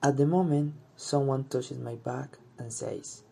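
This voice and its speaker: Male narrator, mellow and unhurried, telling a personal story in a measured, step-by-step way. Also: mid-range voice, steady tone, vocal fry, husky. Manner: slow, deliberate, short plain sentences.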